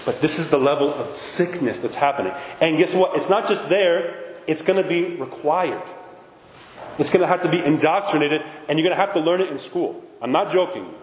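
A man's voice: a little high, moderate pace, slight background noise. Emphatic man in an echoey hall. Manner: emphatic, keeps asking "right?" and insisting he is serious. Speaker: speaker at a parish gathering. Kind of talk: impassioned talk to a congregation. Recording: echoey hall with long reverb.

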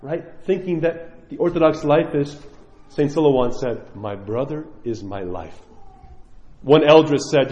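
A man, a priest, preaching a sermon to his congregation, earnest and pleading, swinging between loud emphasis and soft asides. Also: a little high, a little slow. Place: church. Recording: echoey church hall, dull sound.

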